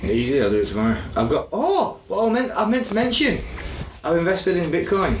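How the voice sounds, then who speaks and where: A man's voice: high-pitched, very animated, brisk. A man co-hosting a podcast, joking around and swearing freely in casual beer-tasting banter. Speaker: podcast co-host. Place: room, indoors. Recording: echoey room with background noise.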